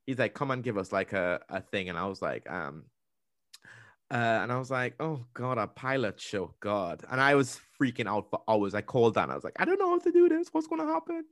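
A young man co-hosting a podcast, chatting in a lively way, acting out what people said and restarting his sentences. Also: on the low side, moderate pace, no room sound, studio quality. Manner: animated storytelling, acting out quotes with restarts. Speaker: podcast co-host. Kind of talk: casual interview chat.

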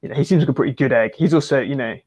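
A man talking football in a loose, rambling way, full of fillers and restarts, his voice sitting at an ordinary middle pitch. He sounds like he is thinking aloud, circling back to finish his points. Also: racing, a little mellow, husky. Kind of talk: casual football discussion.

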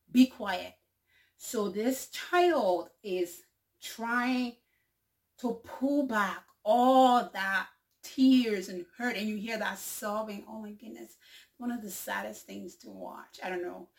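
A woman speaks in a slow, heartfelt way, lingering over each phrase of an uplifting message. Her voice sits at a medium pitch. She sounds a little distant from the microphone. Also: vocal fry. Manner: slow, heartfelt, dwells on quoted lines. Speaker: speaker sharing encouragement. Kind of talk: reflective motivational talk.

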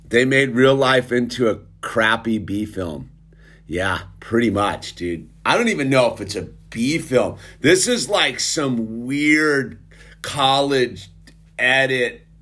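A man's voice: mid-range voice, animated, slow pace, sharp tone. A middle-aged man in a casual, rambling, sarcastic monologue, often restarting and calling the listener dude. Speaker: commentator.

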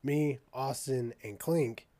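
In casual conversation, a young man with a medium-pitched voice slowly tells a rambling, profane story. He animatedly acts out the other people's lines as quoted dialogue.

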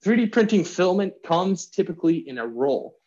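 A man's voice: sits high, big pitch swings, a little fast, dark tone. A young man co-hosting a casual podcast, explaining things with puns and laughing often. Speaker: podcast co-host. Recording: slightly dull lo-fi sound.

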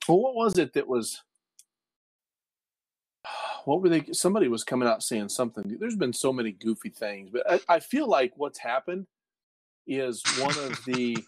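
A man's voice: medium pitch, sing-song, normal speed, pauses often, slightly rough. A man co-hosting a podcast, telling an exasperated anecdote in casual chat. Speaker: podcast co-host.

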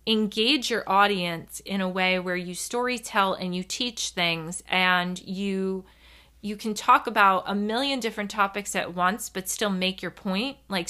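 Woman, podcast host, bright voice, rambling solo monologue, giggly, animated. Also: fairly low pitch. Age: adult.

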